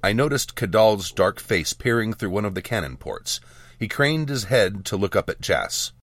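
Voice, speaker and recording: A man narrating a first-person fantasy audiobook with measured storytelling and lively dialogue. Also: on the low side, no echo.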